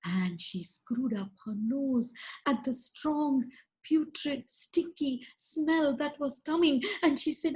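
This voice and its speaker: A woman from India with an Indian English accent telling a story in an expressive, dramatic way. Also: sits high, a little slow. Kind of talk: storytelling performance.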